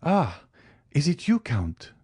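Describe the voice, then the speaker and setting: A man's voice: on the low side, unhurried, mellow, no echo, clean studio sound, lightly acted. A man voicing a grieving young man in an audiobook, speaking in an eager, imploring way. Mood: surprised. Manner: eager and imploring, raised above the narration. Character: earnest, grieving young man, army officer. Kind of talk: audiobook character reading.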